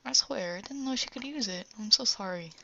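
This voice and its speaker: A woman's voice: medium pitch, a little fast, gravelly, bright, forceful tone, slight background noise, pitched above the performer's own voice. A woman voicing a small, touchy male alien royal who talks in a flustered, defensive way. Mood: guilty. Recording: dull lo-fi recording.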